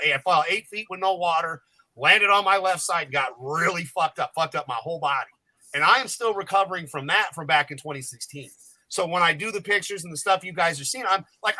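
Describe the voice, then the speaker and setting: A man's voice: on the high side, pushed and bright, no room sound, low-quality recording. A man telling jokey, rambling, profane stories as a guest on a podcast panel. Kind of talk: casual storytelling chat.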